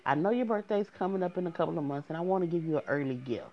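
Woman quoting a remorseful man, pleading and apologetic; low pitch, dull recording. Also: lively intonation, very fast.

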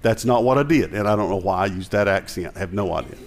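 A man's voice: lowish voice, quick pace. A male pastor with a Southern American accent, preaching a conversational sermon with jokes and emphatic rising passages.

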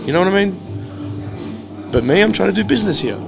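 A man telling a casual, animated story about staying at a hostel. He swears freely and acts out each side of the arguments he recounts. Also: sits high, moderate pace, vocal fry, over music.

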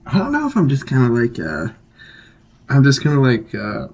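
A man's voice: mid-range voice, huge pitch swings, moderate pace, darkish tone, lo-fi sound. A man co-hosting a casual podcast chat, rambling with lots of filler words and swearing, a little drunk. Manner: rambling, heavy filler words, swears a lot, laughs often. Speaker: podcast co-host.

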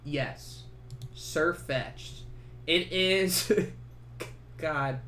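Bright, animated young man reviewing a movie. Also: on the high side, extremely slow, a little hiss or hum. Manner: swearing, laughing, animated storytelling. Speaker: podcast host. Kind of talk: casual solo movie review.

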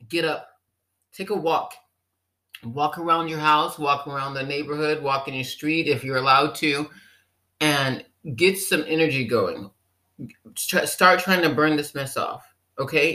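A health vlogger giving a lively, teasing pep talk straight to the viewer, playfully acting out what the viewer might be thinking. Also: medium pitch, a little slow. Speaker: health vlogger addressing people with diabetes. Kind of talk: direct-to-camera pep talk. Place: living in a German-speaking country.

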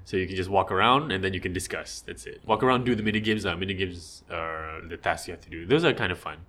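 A man's voice: sits low, fast talker. A man tells stories in a loose, chatty way. He laughs a lot as he talks and slips into the voices of the people he is quoting. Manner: laughs often, animated retelling with quoted voices. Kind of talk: casual storytelling chat.

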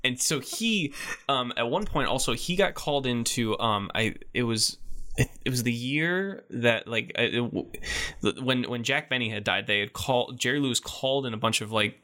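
A man in casual chat, retelling a story in a loose, rambling way, full of "like" and "you know", and breaking into animated voices for the people in it. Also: mid-range voice, moderate pace.

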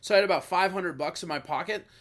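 A man telling revenge stories on a podcast in a casual, animated, profane way. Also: sits high, fast. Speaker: podcast guest. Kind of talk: casual storytelling.

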